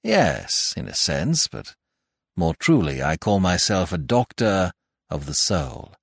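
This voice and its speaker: A man reading a story aloud, voicing a calm, wry older doctor who speaks soothingly and matter-of-factly. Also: low-pitched, creaky, breathy edge, dry recording, clean studio sound, full character voice. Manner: soothing, unhurried, matter-of-fact.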